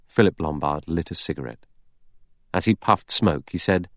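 A man narrating an audiobook in a measured storytelling manner. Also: low-pitched, dry recording, clean studio sound.

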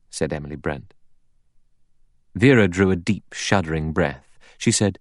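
A man narrating a novel chapter aloud, in a measured, expressive storytelling manner. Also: sits low, no echo, studio quality. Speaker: audiobook narrator. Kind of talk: scripted narration.

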